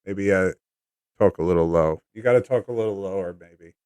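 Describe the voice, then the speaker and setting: A man's voice: sits low, fairly quick, dark tone, smooth, dry recording. Chatty man hosting a live stream. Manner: chatty, repeats greetings, coaching guest. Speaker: livestream host. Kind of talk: casual live chat.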